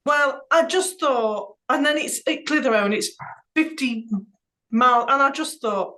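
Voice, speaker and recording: A woman's voice: a little high, normal speed, bright, forceful tone, poor audio. A woman co-hosting a podcast, chatting in an easygoing way and thinking aloud. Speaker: podcast co-host. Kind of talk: casual chat.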